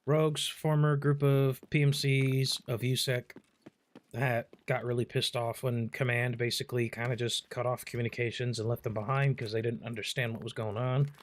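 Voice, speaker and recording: A man's voice: medium pitch, moderate pace. A man casually commenting on his gameplay, swearing often and telling stories with lots of energy. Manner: profane, animated storytelling. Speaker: gaming streamer.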